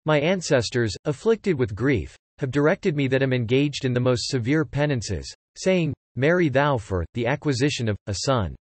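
A man's voice: mid-range voice, lively intonation, normal speed, few pauses, breathy edge, dry recording. A man voicing a remorseful male ascetic sage in a read-aloud epic, speaking in solemn archaic phrasing. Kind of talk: scripted epic narration.

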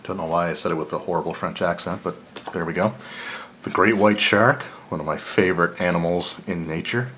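A man's voice: low voice, brisk, a little hiss or hum. A man casually talking through an unboxing, thinking aloud and correcting himself as he goes. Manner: relaxed, thinking aloud, small laughs and self-corrections. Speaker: channel host reviewing game cards.

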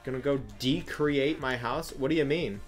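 A livestreamer chatting casually while playing, reacting out loud, swearing and talking to viewers and teammates. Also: medium pitch, fairly even intonation, faint music behind. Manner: reacting aloud, swearing, quick laughs. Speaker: livestreamer playing a block-building game. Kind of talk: casual live gameplay chat.

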